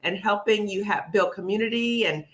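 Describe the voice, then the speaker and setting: A woman's voice: medium pitch, normal speed. A woman hosting a live panel discussion, encouraging and emphatic, often saying "okay?" and "sis". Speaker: host.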